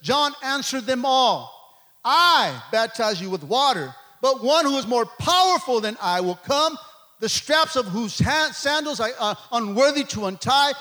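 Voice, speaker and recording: High bright-voiced preaching man. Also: expressive, unhurried. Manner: preachy call-and-response, repeating words, shouting at peaks. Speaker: pastor. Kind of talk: sermon.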